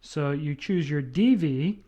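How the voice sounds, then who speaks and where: A man's voice: on the high side, expressive, takes it slowly, mellow, lo-fi sound. A man lecturing on math, explaining step by step and checking in often with "right?". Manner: explanatory, repeats with "right?" and fillers.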